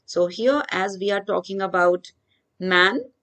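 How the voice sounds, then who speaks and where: A woman teaching grammar. She reads each worksheet example slowly, then explains the answer step by step. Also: medium pitch, a bit bright. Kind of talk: worksheet walkthrough lesson.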